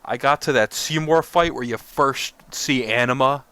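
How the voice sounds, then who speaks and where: Young guy cohosting a gaming podcast, bright crisp voice, rambly and relaxed. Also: medium pitch, normal speed. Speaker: podcast co-host. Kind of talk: casual gaming chat.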